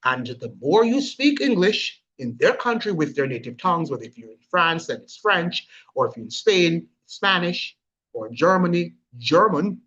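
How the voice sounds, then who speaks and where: Emphatic man, husky and lo-fi. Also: fairly high pitch, a bit bright. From Jamaica. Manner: emphatic, lecturing, rhetorical questions. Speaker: commentator. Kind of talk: opinion commentary. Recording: husky voice, dull lo-fi audio.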